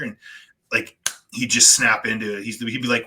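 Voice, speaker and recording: A man hosting a casual podcast chat, telling stories in an animated ranting way and slipping into quick voice impressions. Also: on the low side, husky. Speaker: podcast host.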